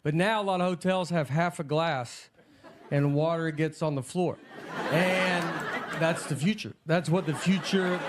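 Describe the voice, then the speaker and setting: High-voiced deadpan comedian. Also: male voice. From Tennessee, USA. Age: 40s. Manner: deadpan, understated storytelling with bemused quoted dialogue. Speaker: comedian hosting a TV sketch show. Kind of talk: stand-up comedy monologue. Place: stage of a TV studio before a live audience. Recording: noisy live studio audience laughter.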